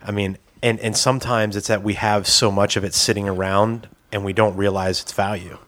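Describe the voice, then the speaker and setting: A man's voice: on the low side, level tone, brisk, fairly bright tone. A man co-hosting a podcast, reflective and rambling as he thinks aloud. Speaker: podcast co-host. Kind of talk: casual chat.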